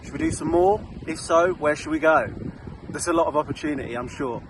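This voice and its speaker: A man's voice: a little high, animated, a little fast, background noise. A man with a southern English accent chatting casually to camera while out cycling, upbeat with puffing breaths. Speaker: cycling vlogger. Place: outdoors, riding trails and roads.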